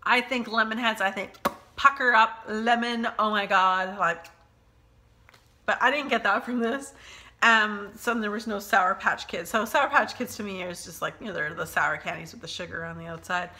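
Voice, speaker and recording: A woman's voice: mid-range voice, sharp tone. A woman from Canada chatting casually to camera at home, reviewing wax melts in a rambling, chatty way. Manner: chatty, rambling, with fillers and quick asides.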